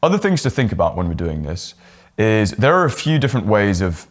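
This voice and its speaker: Lowish-voiced man coaching to camera. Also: sing-song, a little fast. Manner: demonstrates exaggerated pitch swings and rising or falling inflection. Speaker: presentation coach. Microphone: talking straight to camera.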